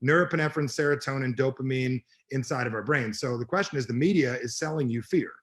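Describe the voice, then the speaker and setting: A man's voice: medium pitch, quick pace. A middle-aged man, a personal development coach, talking bluntly and emphatically in an interview. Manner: emphatic, blunt, swears freely. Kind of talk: energetic interview talk.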